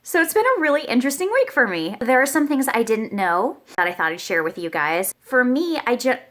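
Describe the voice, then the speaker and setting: A young woman chatting casually to camera as a vlogger, bubbly and animated, jumping into high squeals when she quotes herself. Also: a little fast.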